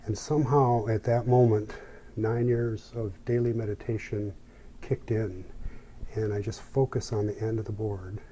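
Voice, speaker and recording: A man telling a personal story as an interview guest, in a reflective, unhurried way. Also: on the low side, fairly even intonation, warm tone, slight background noise.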